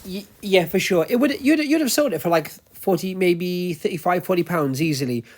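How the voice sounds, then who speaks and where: A man's voice: sits high, expressive, moderate pace. A man with a Welsh accent, chatting casually and at length while browsing a charity shop, talking into a wearable action camera. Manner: chatty, rambling, explains at length. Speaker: luxury resale vlogger. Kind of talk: casual chat while shopping.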